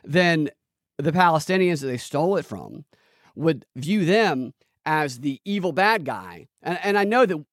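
A man's voice: a little high, big pitch swings, unhurried, no room sound, clean studio sound. A man hosting a political commentary podcast, talking in a sarcastic, rambling, joking way. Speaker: podcast host.

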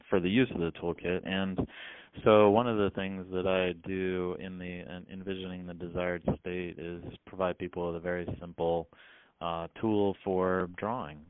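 A man who is the author being interviewed, explaining his ideas in a measured, step-by-step way. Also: low-pitched, clear, resonant tone, dry recording. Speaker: author and guest. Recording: phone-like dry line.

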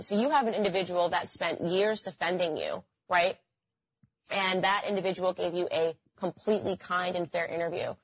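A woman's voice: medium pitch, breathy edge, no echo, rough recording. A woman podcast host telling an earnest, aggrieved personal story in an interview clip.

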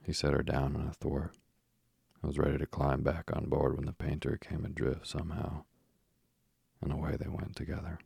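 Very deep gravelly male narrator. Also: no echo. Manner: soft, even, unhurried delivery. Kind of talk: slow sleep-story reading.

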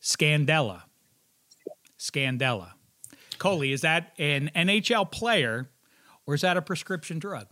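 Brief: male podcast host, animated and joking, bright forceful tone, slightly high voice. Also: unhurried, pauses often. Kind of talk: casual chat, running a quiz game.

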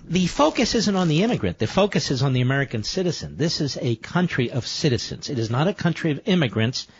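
A man's voice: fairly high pitch, husky, highs cut off. A man hosting a political talk radio show, delivering an emphatic monologue that repeats phrases and builds to indignant peaks.

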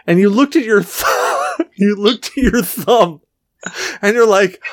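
A man's voice: high-pitched, a little slow, dry recording, clean studio sound. A man co-hosting a podcast, telling a story with lots of swearing and laughter, sounding drunk. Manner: profane, laughing, animated storyteller. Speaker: podcast co-host. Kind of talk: casual chat, storytelling.

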